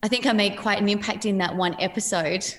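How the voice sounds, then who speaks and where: Casting note: woman, 40s, chatty interview guest, animated storyteller with laughs. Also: mid-range voice, brisk. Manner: chatty, laughing, lively quoted voices. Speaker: podcast guest.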